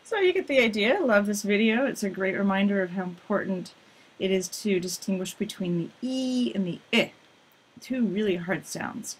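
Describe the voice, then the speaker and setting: A woman's voice: medium pitch, animated, normal speed. Woman teacher explaining vowel sounds. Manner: clear, explanatory, stretches key vowels. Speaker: pronunciation teacher. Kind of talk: recorded course review lesson.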